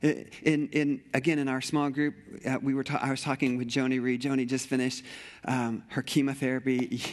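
A man's voice: medium pitch, flat delivery, fairly quick. A middle-aged male pastor preaching a sermon with passion, repeating phrases and often restarting sentences.

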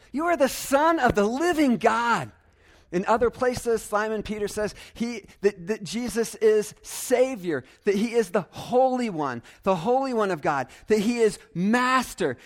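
A young adult male pastor preaching a sermon earnestly and emphatically, repeating phrases for stress. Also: sits high.

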